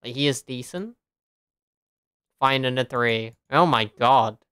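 Streamer woman, casual chatter, swears, laughs a lot, smooth clean voice, dry close sound. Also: rumbling low, slow, a bit bright, dry recording. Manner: chatty, laughs often, swears, answers chat. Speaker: game streamer. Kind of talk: casual live-stream chat.

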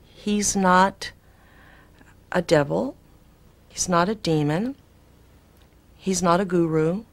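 A woman in an archival interview, earnestly recounting an experience in an animated way. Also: fairly low pitch, takes it slowly.

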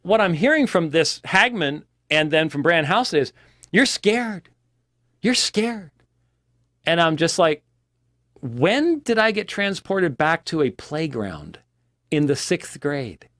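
A man's voice: a little high, big pitch swings, a little slow, fairly bright tone, no room sound, studio quality. A man adding a wry, mocking voice-over comment on the clip. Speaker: video commentator.

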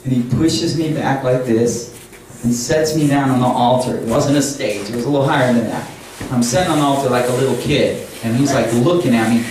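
An older man giving a storytelling sermon as a camp chapel speaker, animated and laughing as he acts out quoted lines. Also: medium pitch, a little fast. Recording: echoey hall, distant mic, noisy.

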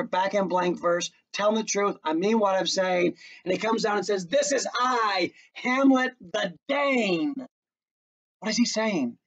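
A man lectures to a class and bursts into the play's lines as he goes. He is picked up from across a classroom, so he sounds distant. The recording is dull and muffled. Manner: lively, acts out lines with big pitch jumps. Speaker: teacher. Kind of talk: classroom lecture with dramatic readings.

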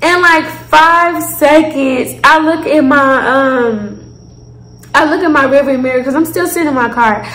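High, animated woman telling a story. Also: measured pace, echoey room, low-quality recording. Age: 20s. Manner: animated, profane, talks straight to viewers. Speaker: vlogger. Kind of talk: casual storytime.

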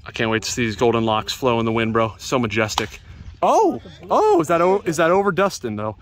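A man vlogging from an outdoor softball field, joking with teammates and yelling at big plays. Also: medium pitch, fast. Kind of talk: excited play-by-play banter.

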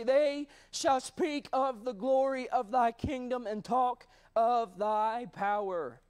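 A man preaching a sermon in a church, fervent and rising to shouts at times, calling out to the congregation. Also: extremely high pitch, slow pace, hardly any pauses, smooth. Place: church sanctuary.

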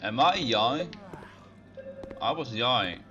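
A young man giving let's play commentary, excitable and swearing, with sudden yelps and shouts. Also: mid-range voice, takes it slowly, lo-fi sound. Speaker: gaming video creator. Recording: game music loud behind voice. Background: game music.

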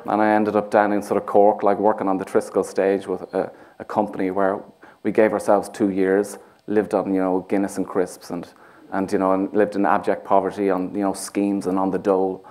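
A man's voice: deep voice, completely flat delivery, fairly quick, a little mellow. A man with a Dublin Irish accent, a playwright talking onstage in a rambling, self-mocking way, full of fillers. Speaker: playwright guest. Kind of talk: onstage conversation. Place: theatre stage before an audience.

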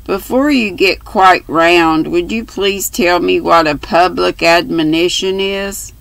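A woman voicing an eager, earnest little girl who pleads and tries to please, speaking slowly with a gravelly tone. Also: fairly low pitch, a bit bright, dry recording, full character voice, rough recording.

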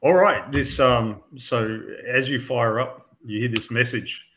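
A man running a tabletop role-playing game as game master, talking in halting bursts full of fillers and restarts. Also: medium pitch, fairly even intonation, a bit bright.

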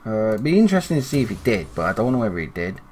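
A young man chatting casually as he commentates his own online game, self-critical and excitable at times. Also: on the low side, very fast, a little hiss or hum. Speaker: gaming commentator.

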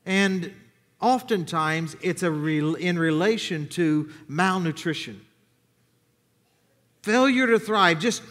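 High-voiced pastor preaching in an echoing church. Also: male voice. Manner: conversational, asks the congregation questions. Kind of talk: sermon. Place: church sanctuary. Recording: church hall with long reverb.

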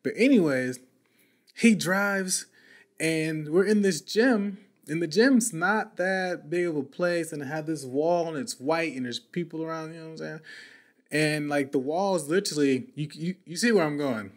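A man's voice: a little high, moderate pace. A male podcast host telling a story in casual, slangy talk, often repeating and restarting words.

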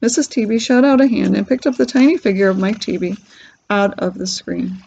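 A woman's voice: medium pitch, fairly even intonation, a little fast, creaky, a little mellow, a little hiss or hum. A woman reading a children's novel aloud, telling the story with animation. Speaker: reader. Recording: dull lo-fi recording.

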